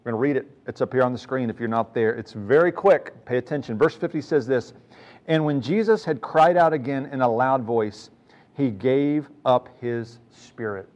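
A man's voice: mid-range voice, moderate pace, a little mellow, highs cut off. A man preaching a sermon in a conversational way, reading scripture with rising emphasis. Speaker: pastor.

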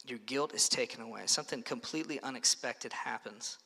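Man preaching, conversational and animated, very bright forceful voice, long hall reverb. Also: mid-range voice, a little fast, creaky, hardly any pauses. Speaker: pastor. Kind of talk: sermon.

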